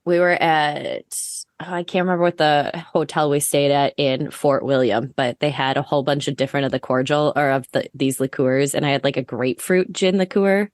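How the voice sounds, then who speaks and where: A woman's voice: deep voice, steady tone, a little fast, few pauses, dry recording, clean studio sound. A woman guest on a casual podcast, talking enthusiastically and rambling a little as she recalls things. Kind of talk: casual chat.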